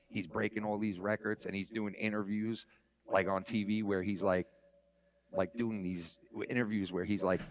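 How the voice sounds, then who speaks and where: A man in casual podcast chat, rambling and excitable, swearing and saying "bro" often. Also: fairly low pitch. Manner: rambling, profane, excitable, says "bro" a lot.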